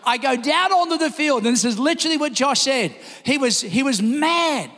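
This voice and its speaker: A man preaching a sermon, telling a story with energy and shouting the quoted lines. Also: very high voice, expressive, moderate pace. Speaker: pastor. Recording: long hall reverb.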